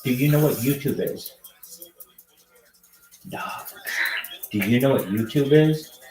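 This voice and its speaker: A young man hosting a casual livestream, greeting strangers on video chat with loud, excited calls. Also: mid-range voice, slow pace, over music. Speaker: livestream host. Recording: roomy echo.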